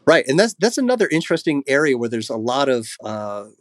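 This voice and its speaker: A man talking through a historical question in an interview, thinking aloud with frequent ums and restarts. His voice is recorded close and dry, with no room sound. His pitch sits in an ordinary middle range. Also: sing-song, brisk, no echo. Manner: thoughtful, many fillers and restarts. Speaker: guest historian. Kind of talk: conversational interview answer.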